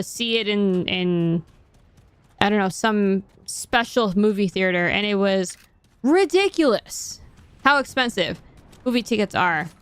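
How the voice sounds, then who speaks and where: A woman's voice: on the high side, fairly bright tone, clean tone, no room sound. A young woman streamer chatting casually and rambling to herself as she plays a game. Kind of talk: casual chat while gaming.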